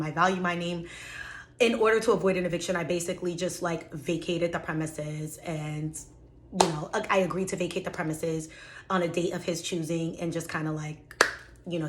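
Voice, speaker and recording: A woman with a fairly low voice tells a story from her own life in a loose, conversational way, leaning on fillers and running commentary. A faint hiss sits under the recording. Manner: chatty, filler-heavy, exasperated storytelling. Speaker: vlogger. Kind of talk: casual storytelling.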